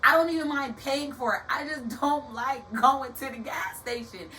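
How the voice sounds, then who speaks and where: A young woman hosting a motivational podcast in a casual, animated way, calling her listeners baby and y'all, like a preacher. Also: high-pitched, normal speed. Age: young adult. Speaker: podcast host. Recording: distant from the mic with faint background hiss.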